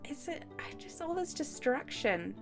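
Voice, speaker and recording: A woman livestreaming at her desk mic, chatting freely and giggling between remarks. Her voice sits a little high, and she is quick to poke fun at herself. Faint music plays under her talk. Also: sing-song. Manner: chatty, self-deprecating, giggly, reads chat comments aloud. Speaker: streamer co-writing a story with AI. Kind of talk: casual livestream chat and reading aloud.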